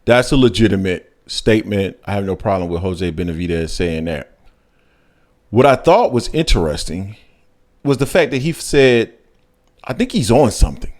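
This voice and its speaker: A man's voice: lowish voice, lively intonation, moderate pace, darkish tone. A man hosting a sports talk show, chatting casually and pushing his points emphatically with sudden jumps in his voice. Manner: emphatic, rises sharply when making a point.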